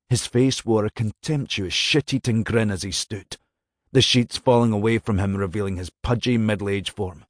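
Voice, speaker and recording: A man narrating a dramatic novel as an audiobook, measured and expressive. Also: on the low side, dry recording, studio quality.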